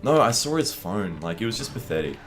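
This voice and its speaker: Young Australian co-host, low-voiced and rapid, animated swearing storyteller. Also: male voice, a little hiss or hum. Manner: animated, swearing, acts out voices in his stories. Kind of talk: casual gaming chat, storytelling.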